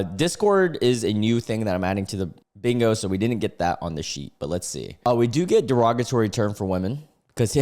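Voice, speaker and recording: A young man hosting a casual reaction video, laid-back and slangy, often laughing and exclaiming. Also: on the low side.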